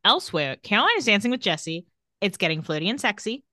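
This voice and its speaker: A young woman telling a TV episode's plot in casual podcast chat. Her voice swings lively up and down, and she giggles easily as she talks. The sound is dry and close. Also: mid-range voice, quick pace, dry recording. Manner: giggly, animated storytelling. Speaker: podcast co-host.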